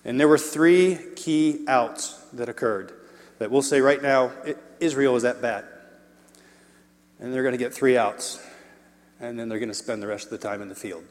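A man preaching a sermon, animated and conversational, with his voice rising and falling in volume. He throws in playful asides to the congregation. The long reverb of a church hall trails after his words. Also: mid-range voice, normal speed.

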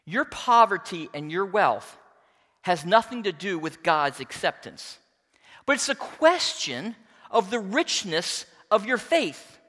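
A man preaching a sermon, reading scripture aloud and explaining it with emphatic, expressive delivery. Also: high voice, slow pace, long reverb tail. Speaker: pastor.

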